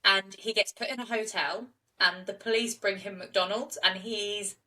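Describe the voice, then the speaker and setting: Bright-voiced woman telling a story. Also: medium pitch, moderate pace, recorded from a distance, poor audio. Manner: animated retelling, acting out quotes. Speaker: podcast co-host. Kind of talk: storytelling a true-crime case.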